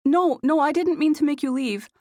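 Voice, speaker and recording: A woman voicing a friendly young female artist roommate who talks in a bright, apologetic rush, clearly above her own narrating voice. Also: fairly high pitch, expressive, quick pace, dry recording, clean studio sound, voice pushed up.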